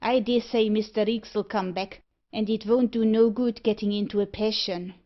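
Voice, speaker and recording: A woman voicing a wary, rough-spoken male rogue called the Sandman in a storybook reading. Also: mid-range voice, steady tone, moderate pace, natural voice. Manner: rough dialect speech. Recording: muffled lo-fi audiobook recording.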